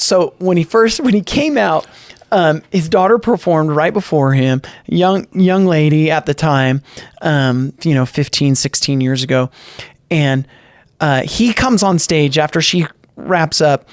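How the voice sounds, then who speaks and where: A man's voice: fairly high pitch, expressive, a little slow, no room sound, clean studio sound. A man hosting a local podcast, chatting casually, telling stories and often affirming his guest. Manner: chatty, frequent affirmations, storytelling. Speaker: podcast host.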